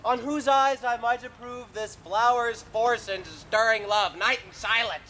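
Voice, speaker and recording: A woman's voice: a little high, unhurried, fairly bright tone. A woman playing a mischievous male fairy servant in a stage play, with playful, teasing verse delivery. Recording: outdoor recording with clear noise.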